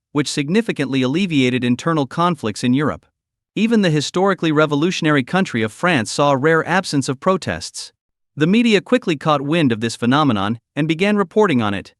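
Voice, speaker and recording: A man narrating a recap story in a steady, scripted storytelling delivery. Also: a little high, fairly quick, no room sound, clean studio sound.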